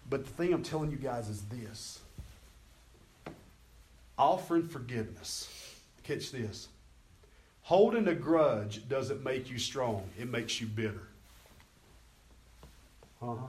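A man's voice: medium pitch, a little mellow, slight background noise. A middle-aged man preaching a sermon as pastor, telling folksy stories with quoted dialogue. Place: church sanctuary. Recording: echoey hall, distant mic.

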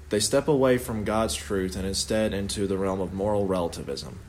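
A man's voice: sits low, normal speed, darkish tone, a little hiss or hum. A young man leading an informal Bible study in a conversational, earnest way, often correcting himself mid-sentence.

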